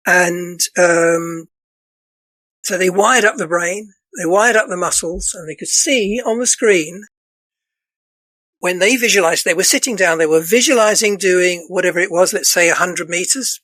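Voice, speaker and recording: A man with a voice going hoarse, a dance counsellor explaining things earnestly as a podcast guest, looping back and restarting his phrases as he talks. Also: sits high, measured pace, sharp tone, dry recording, poor audio. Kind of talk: casual podcast interview.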